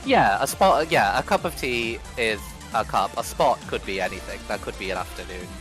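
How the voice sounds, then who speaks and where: Man, lowish voice, relaxed, explanatory, restarts sentences, faint music. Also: normal speed. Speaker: friend on a group voice call. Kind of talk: casual chat.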